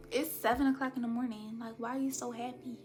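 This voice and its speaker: A young woman vlogger, telling her story in a chatty, animated way and acting out quoted dialogue. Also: fairly high pitch, normal speed, soft background music. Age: young adult. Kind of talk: storytime vlog.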